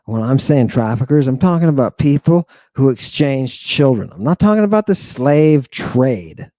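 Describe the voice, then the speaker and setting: A man teaching an online lesson in an excitable, emphatic way, repeating phrases and swinging between loud outbursts and hushed asides. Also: medium pitch, measured pace, dry recording, studio quality. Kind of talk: animated online lecture.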